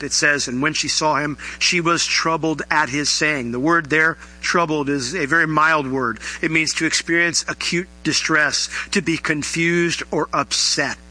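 A man preaching a sermon as pastor, animated, his voice rising high on emphatic questions. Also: low-quality recording.

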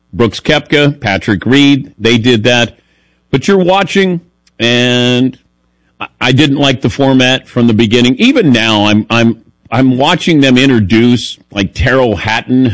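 A man hosting a sports talk show in an easy, chatty way, spinning stories and laughing at himself. His voice sits in a middle pitch and is recorded close and dry, with no room sound. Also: no echo. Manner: chatty storytelling, self-deprecating humor. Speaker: radio show host.

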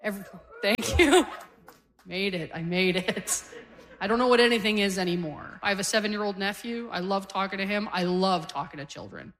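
A woman in her forties, originally from Canada, performing stand-up into a handheld mic on a live stage. Her voice sits at a middling pitch, and she tells her stories in a loose, conversational, self-mocking way. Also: moderate pace, a bit bright. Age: 40s. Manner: conversational, self-deprecating storytelling. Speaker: stand-up comedian. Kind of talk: stand-up comedy set. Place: comedy stage before a live audience.

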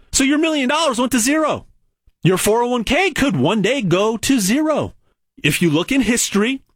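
A gold investment salesman with a husky edge delivers an emphatic sales pitch, bluntly stacking and repeating phrases to hammer each point home. His pitch swoops up and down as he mocks and warns, animated throughout. The sound is dry and close, with no echo or room around it.

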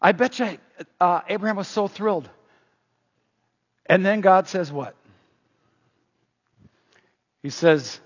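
A man preaching a sermon in an energetic, emphatic way, moving between loud stresses and quiet asides. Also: high voice, slow, pauses often, husky. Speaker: pastor. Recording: dull, echoing hall sound.

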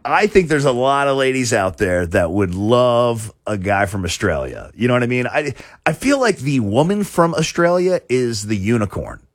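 A man's voice: mid-range voice, sing-song, moderate pace, dry recording. A man hosting a talk show, chatting casually in a rambling way with many restarts and chuckles. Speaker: show host.

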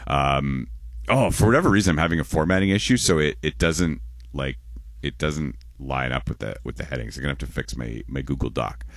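A man's voice: rumbling low, fairly quick, dry recording, studio quality. A man in his forties, hosting a radio show in casual, rambling chat and often correcting himself.

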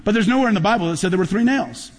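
A man's voice: high-pitched, animated, very fast. A middle-aged man preaching a sermon as pastor, telling stories and building to emphatic peaks. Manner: storytelling, emphatic, rising to loud peaks. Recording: long hall reverb.

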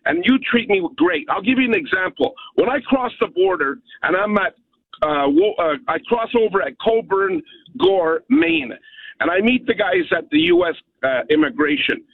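A man's voice: high-pitched, big pitch swings, normal speed, vocal fry, dry recording. A man from Canada calling in to a radio show, speaking bluntly and emphatically and often tossing in "okay?". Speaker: caller. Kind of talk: phone-in rant. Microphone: telephone. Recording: tinny phone line with dry sound.

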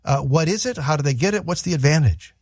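A man's voice: on the high side, animated, fast, no echo, clean studio sound. A man co-hosting a radio program, giving friendly, conversational announcements.

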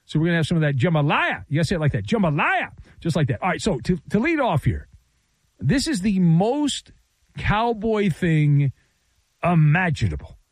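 Animated sarcastic sports radio man. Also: fairly high pitch, moderate pace, no echo. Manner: animated, sarcastic, playful riffing. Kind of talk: sports talk radio monologue.

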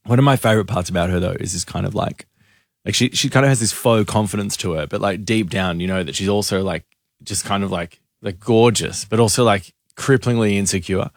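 A man's voice: fairly low pitch, brisk, no echo, clean studio sound. A man hosting a radio show, chatting casually and rambling with lots of fillers. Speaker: radio host.

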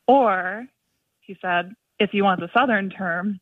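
A woman's voice: mid-range voice, slow, no echo. Chatty young woman caller on a tinny phone line. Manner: chatty, uses "like" a lot, laughs. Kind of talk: phone-in question.

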